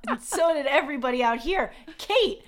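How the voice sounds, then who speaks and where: A woman with a slightly high voice co-hosts a casual sports talk show. She talks in a playful, teasing, chatty way. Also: lively intonation, moderate pace, slight background noise. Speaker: podcast co-host.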